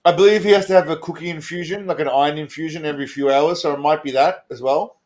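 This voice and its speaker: A man's voice: a little high, fast talker, a little mellow. A man hosting a casual comedy stream, crude and mocking, laughing often and talking to his chat. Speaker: stream host.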